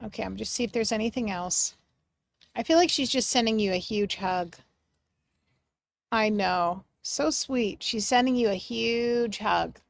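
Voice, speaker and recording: A woman in a middle pitch, doing a live mediumship reading from a dry, close room. She talks gently and warmly to the people she reads for, often dropping almost to a murmur. Now and then she lifts into bright, excited exclamations. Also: a little slow, vocal fry, dry recording. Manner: gentle and affectionate, often soft, with excited bursts. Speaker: psychic medium.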